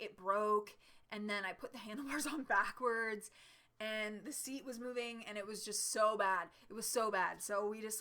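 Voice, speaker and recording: A woman vlogging from home in a casual, chatty storytelling style, with lots of fillers and laughs along the way. Her voice is bright and forward. She talks straight into her camera from a chair. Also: medium pitch. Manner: chatty, animated, laughs often, many fillers.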